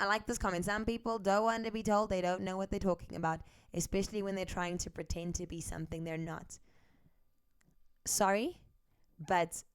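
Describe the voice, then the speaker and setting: A woman's voice: fairly low pitch, dry recording, studio quality. South African woman asking pointed questions. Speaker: vlogger. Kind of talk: opinion commentary vlog.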